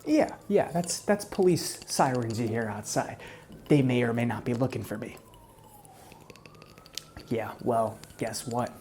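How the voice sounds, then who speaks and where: A man voicing a smug, menacing male hitman in a whispered role-play, taunting his captive in a soft, close voice. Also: medium pitch, measured pace, long pauses, a little hiss or hum, close to an everyday voice. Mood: menacing calm. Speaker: ASMR role-play performer.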